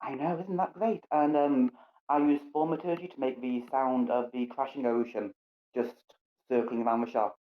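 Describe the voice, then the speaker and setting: A woman playing a tabletop game, speaking gently and earnestly with some hesitation. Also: a bass voice, steady tone, normal speed. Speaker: player. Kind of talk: in-character tabletop play. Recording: dull lo-fi recording.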